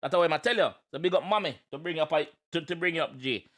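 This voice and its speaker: A man with a Jamaican accent giving casual, animated reaction commentary, exclaiming and explaining lyrics. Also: on the high side, racing. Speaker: reaction video host.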